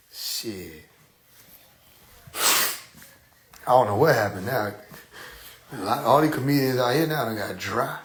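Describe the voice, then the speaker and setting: Husky, animated young man telling stories. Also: mid-range voice. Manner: animated, laughing, profane. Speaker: streamer. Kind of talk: casual storytelling monologue.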